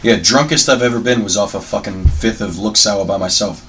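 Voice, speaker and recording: A man's voice: lowish voice, fairly quick, a bit bright, faint music behind. A man co-hosting a podcast, making dry, profane jokes in casual banter. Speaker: podcast co-host.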